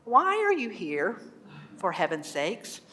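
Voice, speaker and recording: A woman's voice: mid-range voice, wildly swooping pitch, slow, bright, forceful tone, exaggerated voice. A woman voicing a nagging, questioning owl. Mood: probing. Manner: probing, repeating one question. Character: persistent questioning owl in the woods. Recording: echoey hall.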